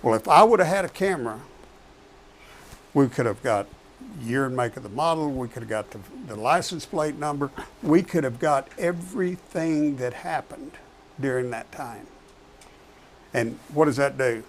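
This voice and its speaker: A man's voice: mid-range voice, lively intonation, normal speed, slight background noise. A man who is a professional truck driver, talking casually and repeating his key points for emphasis. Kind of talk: casual talk show chat.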